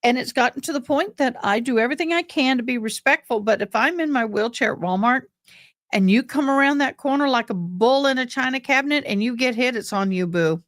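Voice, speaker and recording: A woman's voice: sits high, fairly quick, fairly bright tone, no echo. Chatty middle-aged woman livestream host. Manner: chatty, calls viewers honey and boo. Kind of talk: casual chat to live viewers.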